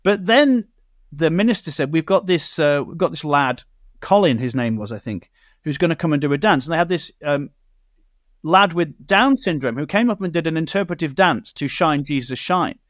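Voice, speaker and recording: A man's voice: fairly high pitch, animated, moderate pace, no room sound, clean studio sound. A man from Britain hosting a radio talk show, chatting casually and telling stories with quoted asides. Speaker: host.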